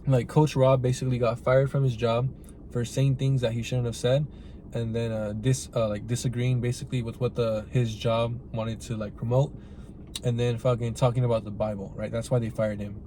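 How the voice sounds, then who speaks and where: A man's voice: mid-range voice, little pitch movement, moderate pace, warm tone, a little hiss or hum. A man hosting a podcast, giving a casual, rambling film review full of swearing and "like" and "right?". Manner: rambling and profane, heavy use of "like" and "right?".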